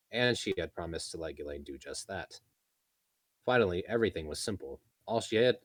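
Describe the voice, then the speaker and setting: A man reading a light novel aloud as narrator, steady, with small slips and self-corrections. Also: low-pitched, husky, no room sound.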